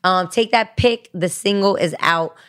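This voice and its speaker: Brief: animated woman, comic rapper, slangy podcast guest. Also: lowish voice, a little slow. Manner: lively, slangy, animated storyteller. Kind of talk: casual podcast chat.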